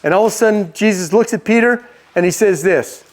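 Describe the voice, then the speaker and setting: A male preacher tells a story in a relaxed, chatty way and asks his listeners questions. His voice sits high for a man. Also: a little fast. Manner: conversational, asks the audience questions. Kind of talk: storytelling sermon.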